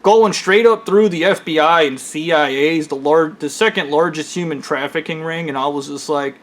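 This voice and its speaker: A man's voice: on the high side, normal speed, hardly any pauses, fairly bright tone. A man telling a long personal story in a casual, rambling monologue, swearing freely and stumbling through fillers and restarts. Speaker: storyteller recounting his own experiences.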